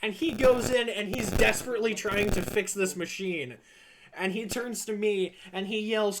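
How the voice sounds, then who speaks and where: A man's voice: high voice, fairly even intonation, normal speed, background noise. A man streaming, telling a story casually and animatedly, acting out other voices and swearing freely.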